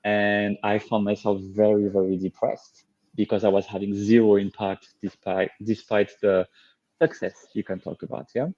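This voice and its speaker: French guy, 30s, low mellow voice, earnest and upbeat, dry dull sound. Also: little pitch movement, normal speed, no echo. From France. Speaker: guest, leadership coach. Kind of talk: interview, personal story.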